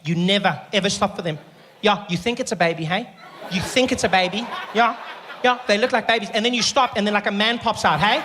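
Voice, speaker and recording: A middle-aged man with a South African accent doing stand-up comedy, animated and repetitive, jumping into voices and sound effects. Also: sits high, a little fast, background noise.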